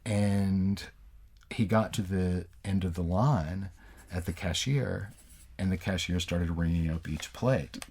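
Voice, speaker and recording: A middle-aged man with a fairly low voice, from the United States, chatting casually as an English teacher. He talks in a relaxed, halting way, with many fillers and restarts. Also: slightly rough. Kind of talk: casual educational chat.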